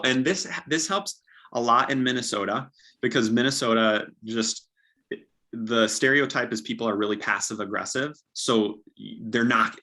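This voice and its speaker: A man's voice: mid-range voice, bright, forceful tone. A young man, a real estate agent, giving upbeat, practical coaching in a casual way and acting out sample dialogues.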